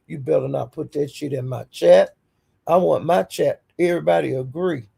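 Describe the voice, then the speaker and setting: Gravelly woman livestreaming. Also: sits low, moderate pace, dark tone. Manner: greets viewers by name, blunt and defiant. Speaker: livestream host. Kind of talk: casual livestream chat.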